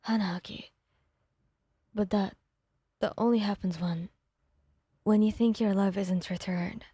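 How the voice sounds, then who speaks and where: Gentle caring young man, voiced by a woman, soft and concerned, mellow tone, ASMR fanfic reading. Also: medium pitch, fairly even intonation, unhurried, husky, no echo, studio quality.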